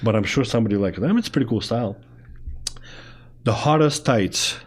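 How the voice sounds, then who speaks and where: A chatty male talk show host with a noticeable foreign accent. His voice sits fairly low, and he bounces from topic to topic with lively energy. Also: racing, breathy edge. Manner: chatty, animated, jumps between topics. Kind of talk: casual interview chat.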